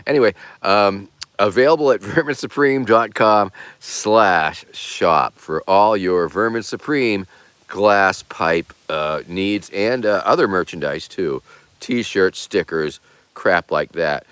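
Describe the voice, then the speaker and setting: A man's voice: deep voice, animated, a little slow, fairly bright tone, clear, resonant tone, no room sound. A man hosting a casual livestream who rambles in a laid-back way and swears casually. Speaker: streamer host.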